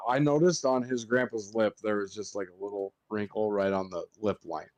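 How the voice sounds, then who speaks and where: Low-voiced man telling blunt stories. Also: moderate pace, a little mellow, no echo. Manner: swears a lot while telling stories. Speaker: podcast host, funeral director. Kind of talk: casual podcast chat.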